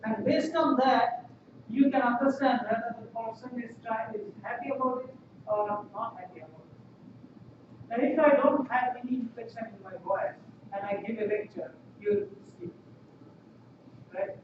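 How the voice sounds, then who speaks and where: A man giving a university class lecture, explaining ideas step by step, repeating phrases and pausing with fillers, recorded from far off in a classroom. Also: very high-pitched. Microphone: laptop webcam from far off. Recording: echoey room, distant lo-fi mic, noisy.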